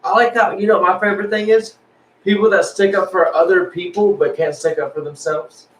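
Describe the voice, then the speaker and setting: Man, podcast co-host, slightly high voice, animated, roomy echo, distant mic, faint hiss. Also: brisk. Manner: animated, acts out quoted voices. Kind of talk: casual chat. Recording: echoey room, distant mic, faint noise.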